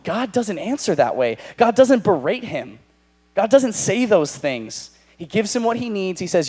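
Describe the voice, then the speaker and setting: A young man with an American accent preaching a sermon to young adults, animated, acting out the characters in paraphrase. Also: sits high, measured pace, slightly rough. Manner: animated, voices God and Elijah in paraphrase.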